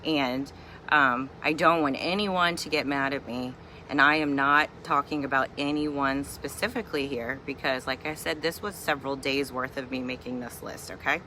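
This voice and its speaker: A middle-aged mother from Virginia vents in a chatty, humorous home vlog. Her voice sounds bright and a little sharp. She keeps an exasperated, joking tone, and a faint hum sits in the background. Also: a bass voice, fairly even intonation, moderate pace. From Virginia, USA. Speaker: vlogger and mother. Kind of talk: casual ranting vlog.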